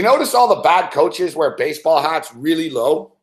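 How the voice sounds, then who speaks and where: A man's voice: a little high, very animated, moderate pace. A man giving a live sports betting rant, profane and exasperated.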